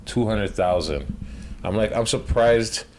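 A man chatting casually as a podcast co-host, slangy and animated, dropping into quick voices. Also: lowish voice, a little hiss or hum. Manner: slangy, animated, does quick accent impressions. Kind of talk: casual chat.

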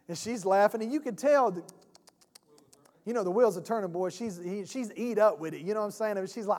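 A man's voice: high-pitched, expressive, normal speed, darkish tone. A man preaching a sermon, a pastor telling a folksy story and acting out both sides of a phone call. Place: church sanctuary. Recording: church hall reverb.

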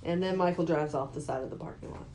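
A woman's voice: low voice, fast, dark tone. Woman podcast co-host, recaps plot, laughs a lot, faint hiss behind. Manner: laughs often while summarizing the plot. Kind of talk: casual chat.

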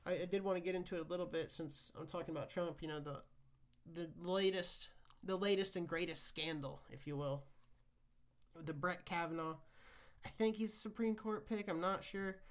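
A man's voice: high voice, steady tone, moderate pace. A man holds forth alone in a loose, unscripted rant. He swears freely and trips over his own restarts. His delivery moves between worn-out sighing and sudden heated bursts. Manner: rambling, profane, frequent restarts; swings between weary sighs and heated outbursts. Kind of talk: casual rant monologue.

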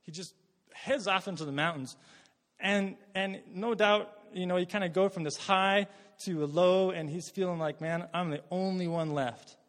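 A man's voice: high voice, normal speed, fairly bright tone, in a large hall. A man from Canada preaching a sermon as pastor, conversational and earnest, often repeating words as he thinks aloud.

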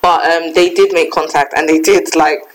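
A woman's voice: deep voice, steady tone, normal speed, poor audio. A young woman from England, co-hosting a casual podcast chat in a reflective way, with many fillers. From Ghana heritage, raised in England. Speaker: podcast co-host.

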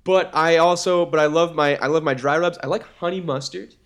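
A young man with a faint Boston accent co-hosts a podcast in casual chat. He rambles and piles on fillers, and his voice sits slightly higher than most men's. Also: a little fast. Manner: animated, rambling, lots of fillers. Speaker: podcast co-host.

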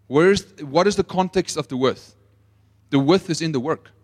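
Guy preaching a sermon, kinda high voice, animated, keeps asking the crowd questions. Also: moderate pace. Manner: asks the audience rhetorical questions; animated storytelling with acted-out quotes. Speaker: pastor.

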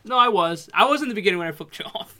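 A man's voice: sits high, expressive, rapid-fire, sharp tone. A man in casual sports chat, cutting in with blunt, profane remarks.

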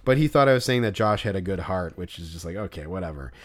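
A man co-hosting a casual podcast, telling a story full of "like" and loudly acting out what people said. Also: low-pitched, fast talker. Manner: animated retelling with loud acted-out quotes and filler "like". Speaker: podcast co-host.

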